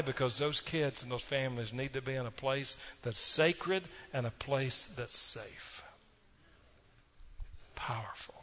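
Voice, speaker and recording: Here a pastor addresses his church with folksy storytelling and quick asides to the people in front of him. His voice sits in a normal middle range and has a fairly bright tone.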